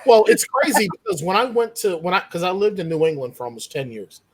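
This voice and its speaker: A man's voice: high voice, big pitch swings, quick pace, husky. A man from Pittsburgh, an author, chatting animatedly on a panel and laughing often over a video call. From Pittsburgh, Western Pennsylvania. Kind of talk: casual panel chat.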